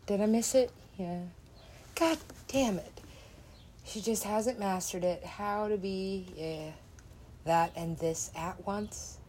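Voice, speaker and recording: Woman DJ, slow and meandering, casual swearing, laughs a lot. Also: medium pitch, darkish tone, slight background noise. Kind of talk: rambling casual monologue.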